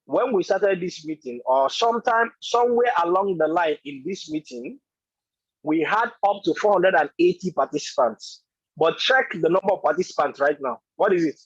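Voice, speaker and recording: A man's voice: sits high, expressive, normal speed, husky, no room sound, muffled recording. A man giving an emphatic, repetitive motivational talk as a business coach in an online meeting.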